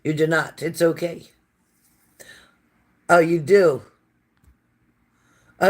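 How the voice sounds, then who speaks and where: A woman with a raspy, low smoker's voice and a sore throat, hosting a casual livestream and warmly thanking viewers by name. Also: fairly even intonation, slow, pauses often. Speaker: livestream host reading viewer comments.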